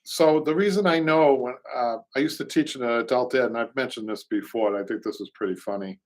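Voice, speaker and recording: A man's voice: mid-range voice, fast, darkish tone. Rambling Boston-accented man hosting a show. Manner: rambling, repeats words, reads comments aloud. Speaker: show host, upholsterer. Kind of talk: casual live-show chat.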